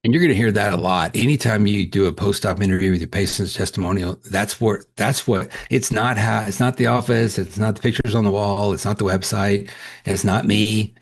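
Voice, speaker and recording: A man's voice: lowish voice, slightly rough. A male dentist giving a webinar lecture, telling candid patient stories in a conversational way with frequent restarts.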